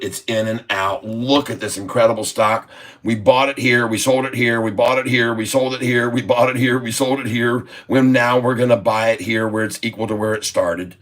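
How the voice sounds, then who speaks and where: A man's voice: fairly low pitch, fairly bright tone. A man hosting a stock trading livestream, chatting casually and reading viewer comments in a drawling, jokey way. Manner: drawling and jokey, chuckling between remarks; slow, drawn-out delivery when explaining trades.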